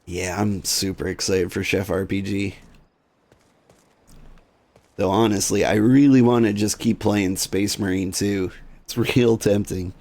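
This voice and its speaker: Brief: male streamer, low gravelly voice, relaxed rambling chat with viewers. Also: unhurried, pauses often. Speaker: streamer playing a video game.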